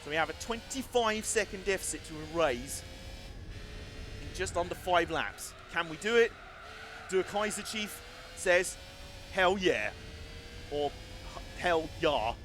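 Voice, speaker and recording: A man's voice: sits high, animated, unhurried, pauses often, fairly bright tone, a little hiss or hum. A man chatting casually and self-deprecatingly as he live-streams a racing game, wandering into side stories.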